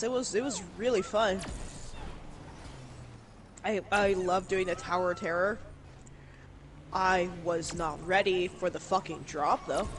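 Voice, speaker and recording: A woman's voice: mid-range voice, slight background noise. A woman with a Canadian accent, a streamer casually telling a story, laughing often and swearing freely.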